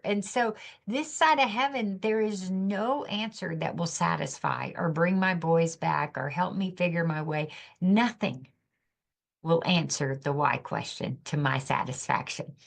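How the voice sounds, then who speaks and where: Gravelly-voiced woman telling a painful story. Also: on the low side, measured pace. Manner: earnest, emotional, reflective. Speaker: podcast guest. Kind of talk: personal storytelling.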